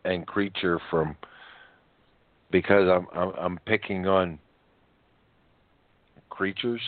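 A man's voice: low voice, steady tone, slow pace, no echo. A man in casual radio chat, blunt and opinionated, often restarting his sentences. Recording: dry tinny phone-line audio.

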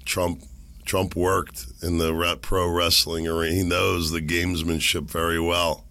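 A man's voice: low voice, little pitch movement, a little slow, pushed and bright. A man hosting a political commentary show, talking in a rambling, sardonic way while sick. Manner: sardonic, rambling, chuckling asides. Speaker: podcast host.

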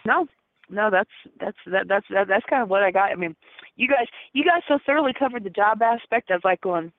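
A woman's voice: medium pitch, fairly quick. A woman giving a casual psychic reading as a guest on a call-in show, chatty and laughing, with lots of fillers. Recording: tinny phone line.

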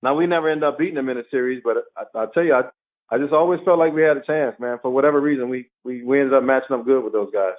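A man's voice: medium pitch, fast. A man who played pro basketball, telling stories in an interview and acting out the quotes. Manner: animated storyteller, acts out quotes. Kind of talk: storytelling interview. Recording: tinny phone-like line.

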